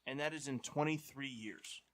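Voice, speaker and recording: A man's voice: mid-range voice, normal speed, a bit bright, slight background noise. Man reading stats for a podcast quiz. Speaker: podcast co-host running a quiz segment.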